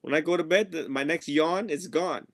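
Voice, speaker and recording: A man's voice: a little high, normal speed, fairly bright tone, no room sound. A man teaching a group on a call, in a casual, playful dharma talk, laughing often and mimicking his students. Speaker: Buddhist monk teaching a group. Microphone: video or phone call.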